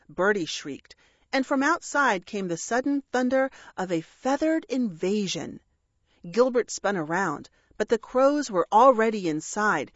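Slow, wry woman narrating a story. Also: medium pitch, dry recording, muffled recording. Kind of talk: audiobook narration.

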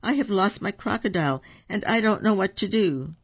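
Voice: medium pitch, animated, unhurried, a little mellow, dry recording, dull audio. Reader doing a fretful, anxious lady. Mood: distressed. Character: worried, fussing woman who lost her crocodile.

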